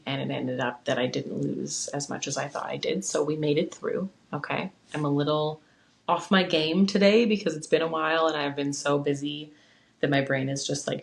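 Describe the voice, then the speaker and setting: Young podcast host, gravelly fry, pretty flat delivery, earnest supportive solo chat recorded on a phone. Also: mid-range voice, poor audio. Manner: earnest, encouraging, heartfelt pep talk. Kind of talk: casual solo podcast talk.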